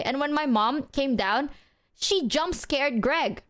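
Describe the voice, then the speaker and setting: A woman streamer chatting casually, telling animated stories full of swearing and acted-out quotes. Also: high-pitched, moderate pace. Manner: animated storyteller, swears freely, acts out quotes.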